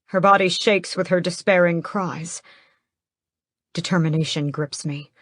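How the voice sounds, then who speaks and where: A woman narrating a first-person fantasy audiobook in a measured, steady way, close to the mic. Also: fairly low pitch, no room sound.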